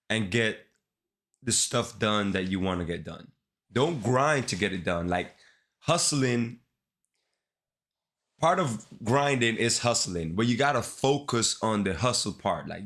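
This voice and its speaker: A man's voice: fairly low pitch, a bit bright. A man with a congested, sick-sounding voice chatting casually to his livestream viewers in laid-back slang. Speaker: live-streaming developer.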